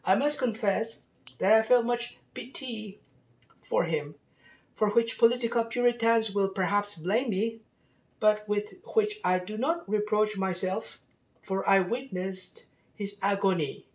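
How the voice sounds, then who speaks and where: A man reading out an old French statesman's account in a put-on French accent, measured and dignified. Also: high-pitched, pitched above the performer's own voice. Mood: reflective. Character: 18th-century French statesman, older man, reflective and dignified.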